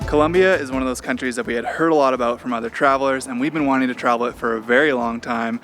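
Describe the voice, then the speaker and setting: A man's voice: medium pitch, steady tone, quick pace, over music. A man travel vlogger narrating in a friendly, informative way.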